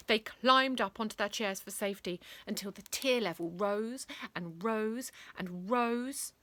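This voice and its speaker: A woman reading a bedtime story aloud, playful and expressive, switching into character voices. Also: mid-range voice, unhurried, hardly any pauses, a little hiss or hum.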